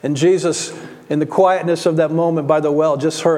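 High-voiced man preaching in a hall. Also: fairly even intonation, normal speed, slight background noise. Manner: earnest preaching, repeats words, drops quiet for emphasis. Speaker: pastor. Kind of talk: sermon.

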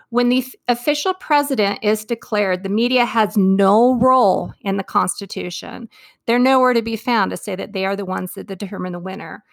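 Gravelly-voiced woman podcast co-host. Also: on the high side, a bit bright, no room sound, clean studio sound. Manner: talks fast with tangents and laughs. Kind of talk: casual podcast commentary.

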